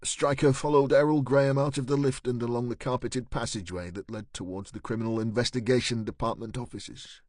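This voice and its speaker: In clean, dry studio audio, a medium-pitched male narrator delivers a crime audiobook. The scripted reading stays steady and measured throughout.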